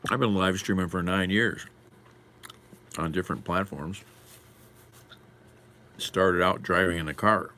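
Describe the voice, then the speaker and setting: A man's voice: low voice, measured pace, pauses often, bright, forceful tone, slight background noise. A man live streaming while eating lunch, chatting casually and wryly answering comments from chat.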